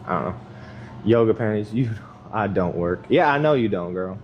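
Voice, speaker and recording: A man's voice: fairly low pitch, animated, normal speed, muffled recording, a little hiss or hum. A young man chatting casually while working out in a gym, rambling and swearing freely with a self-mocking edge. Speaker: vlogger.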